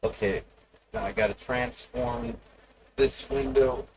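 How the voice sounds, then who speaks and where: A man's voice: medium pitch, sing-song, takes it slowly, vocal fry, background noise. A man streaming live, rambling and profane as he teases his viewers. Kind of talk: casual live stream chat.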